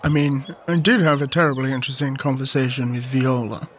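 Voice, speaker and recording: A man's voice: medium pitch, fairly quick, slight background noise, pitched below the performer's own voice, lightly acted. A man voicing a burly male adventurer in a tabletop game, firm and questioning. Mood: pressing.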